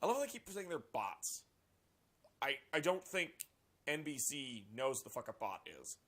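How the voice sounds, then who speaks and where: A man reading a news article aloud and reacting to it with sarcastic, profane commentary and animated outbursts. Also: mid-range voice, unhurried. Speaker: political commentary vlogger.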